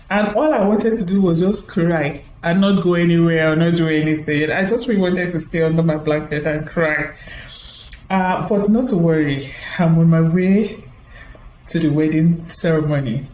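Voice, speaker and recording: A woman's voice: fairly low pitch, darkish tone, roomy sound, slight background noise, rough recording. A woman giving a storytelling talk to an audience as a motivational speaker. She chats along and acts out the voices of the people she quotes.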